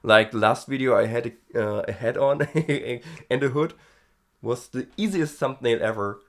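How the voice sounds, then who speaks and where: A man's voice: medium pitch, measured pace, a bit bright. A man hosting a casual vocal-practice diary, chatty and self-amused, thinking aloud with fillers. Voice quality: gravelly fry in the voice. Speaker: host.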